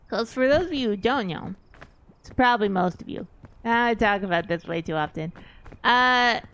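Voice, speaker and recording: A woman from East Texas chats on her stream, drifting from point to point as she thinks aloud. Her voice sits a little high and comes through smooth and clear. She takes her time, with unhurried pauses. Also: fairly bright tone. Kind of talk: casual stream chat.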